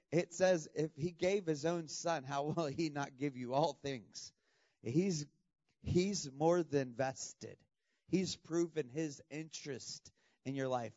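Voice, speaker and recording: A man preaching a lively sermon to students, with laughs and sudden shouting bursts. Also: a little high, dry recording, muffled recording. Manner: animated, laughing, bursts into loud shouts when imitating. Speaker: pastor.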